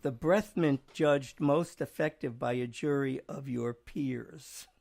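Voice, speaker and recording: Gravelly man hosting casual chat. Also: medium pitch, takes it slowly, darkish tone. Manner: rambling, chuckles while reading out jokes. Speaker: show host.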